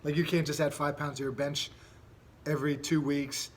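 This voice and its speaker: A man's voice: a little high, little pitch movement, normal speed, slight background noise. A man hosting a podcast, chatting in a rambling, laid-back way with lots of fillers. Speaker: podcast host. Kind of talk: casual podcast chat.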